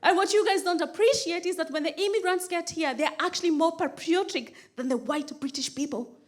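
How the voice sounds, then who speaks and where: A high-voiced woman from Kenya performs an animated stand-up comedy set at a brisk pace, acting out other people's voices. She's on a comedy club stage, and the live recording captures the audience's laughter and noise.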